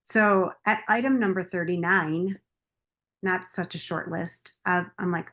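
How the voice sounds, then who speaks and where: A woman guest on a podcast telling her own story with frank openness. Her voice sits a little low, and she keeps acting out what she once said to herself. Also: steady tone, a little slow, a bit bright. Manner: open and confessional, quoting her past self. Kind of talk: candid personal story in a podcast interview.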